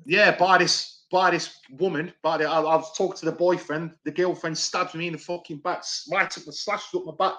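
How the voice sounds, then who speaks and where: Middle-aged man, higher-pitched, swears freely, loose rambling storytelling. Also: fairly even intonation, a little fast, few pauses, bright, forceful tone. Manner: swears often, rambling and repetitive. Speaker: podcast guest, ex-doorman. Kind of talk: casual storytelling.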